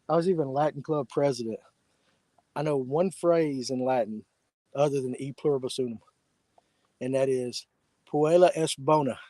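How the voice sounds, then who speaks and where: A man's voice: mid-range voice, dark tone, no room sound. A man, trading bawdy jokes in casual banter as a fishing show host. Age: 50s. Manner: joking, bawdy, drawling.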